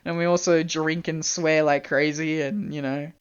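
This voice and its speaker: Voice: mid-range voice, flat delivery, normal speed, clear, resonant tone, dull audio. A young adult Australian live streamer chatting casually and rambling, laughing often and swearing freely.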